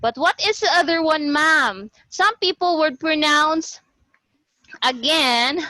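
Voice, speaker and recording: Woman, Filipino accent, online class teacher, high voice, bright tone, repeats words slowly. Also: expressive, no echo, rough recording. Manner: drills words by repeating them; mixes English and Cebuano. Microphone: video call.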